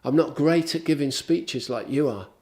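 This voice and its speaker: A man preaching who voices Moses as a doubtful man pleading his way out of the task, quick when he protests. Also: a little high, darkish tone, pitched above the performer's own voice, natural voice. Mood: reluctant. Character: reluctant Moses, grown man full of excuses. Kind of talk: sermon storytelling.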